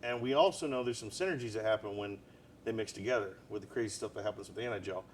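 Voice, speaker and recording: A man's voice: on the low side, quick pace, a little hiss or hum. Chatty man hosting a live stream. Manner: chatty, quizzing his co-host. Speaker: show host. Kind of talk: casual live-stream chat.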